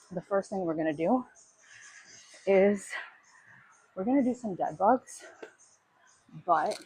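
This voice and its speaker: A woman's voice: fairly low pitch, low-quality recording. A woman vlogging her workout in a gym, chatting while she exercises and out of breath. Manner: chatty, talks while exercising, sighs and clears throat. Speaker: fitness vlogger. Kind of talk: casual workout livestream talk.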